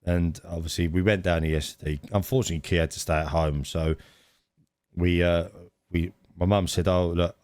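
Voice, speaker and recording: Middle-aged podcast co-host, deep voice, lively anecdotal delivery, dry studio mic. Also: male voice, moderate pace, dry recording. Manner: animated storyteller, laughs often, many restarts. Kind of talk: casual storytelling chat.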